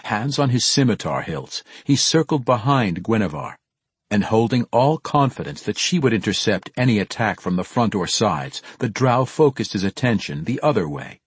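Husky, expressive male audiobook narrator. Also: on the low side, normal speed, dry recording. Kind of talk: scripted fantasy narration.

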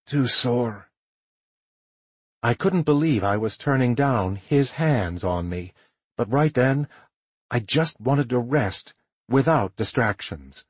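A man narrating a first-person audiobook in a measured, tired storytelling manner with a husky voice. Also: medium pitch, lively intonation, no echo.

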